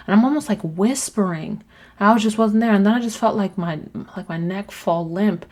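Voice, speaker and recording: A woman's voice: medium pitch, brisk, a little mellow. A woman hosting her own podcast, talking candidly in a rambling personal monologue, swearing casually and trailing off mid-thought. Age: adult with children. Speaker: podcast host.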